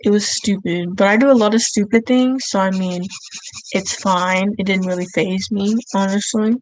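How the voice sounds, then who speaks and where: A woman's voice: mid-range voice, fairly even intonation, normal speed, a little mellow, poor audio. A teenage girl rambling through a casual storytime while she draws at home, full of fillers and self-deprecating asides. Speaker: vlogger. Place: at home, indoors.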